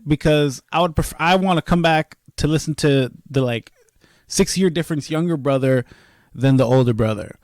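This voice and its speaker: A young man co-hosting a casual podcast chat, rambling and animated, slipping into quoted asides as he rants. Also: on the high side, moderate pace, no room sound, studio quality. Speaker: podcast co-host.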